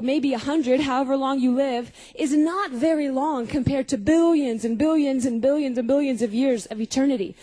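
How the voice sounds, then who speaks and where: Young woman, high voice, mellow tone, testimony sermon, storytelling, asks the crowd questions. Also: low-quality recording. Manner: storytelling, questioning the audience, acting out scenes. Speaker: speaker at a Christian youth gathering.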